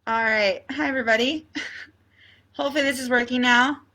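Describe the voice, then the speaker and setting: A woman leading a preschool storytime as librarian, reading aloud and singing with a cheerful, animated manner. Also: high-pitched, normal speed, echoey room. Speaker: children's librarian. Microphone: fixed camera.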